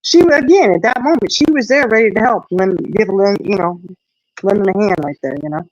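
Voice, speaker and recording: A middle-aged woman with a drawl spins a family story in easy, casual chat, jumping up in pitch to act out each voice. Her voice is middle-pitched, and it comes through dry and a little dull, with no room around it. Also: a little fast, no room sound. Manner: animated storyteller, acts out quotes. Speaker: host.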